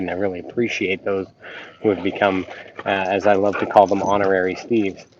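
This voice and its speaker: A fairly low, slightly mellow male voice belongs to a YouTube reaction host on a relaxed live stream. He greets viewers loosely, with lots of ums, and the recording is dull and lo-fi with faint noise underneath.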